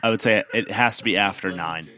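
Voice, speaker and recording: A man's voice: on the low side, a little fast, bright, forceful tone. A young man hosting a casual podcast, joking around and reading listener questions aloud to his friends. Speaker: podcast host.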